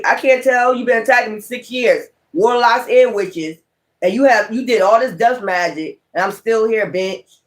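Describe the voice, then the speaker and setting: High-pitched guy doing a rambling tarot vlog, swears a lot, real emphatic. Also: moderate pace. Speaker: tarot reader. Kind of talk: casual spiritual vlog monologue.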